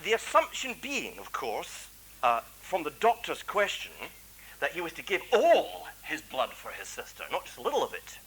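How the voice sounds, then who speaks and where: A man's voice: on the high side, huge pitch swings, normal speed, fairly bright tone, slight background noise, low-quality recording. A man giving a chatty, self-deprecating lecture as a clergyman, full of asides. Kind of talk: anecdotal public lecture.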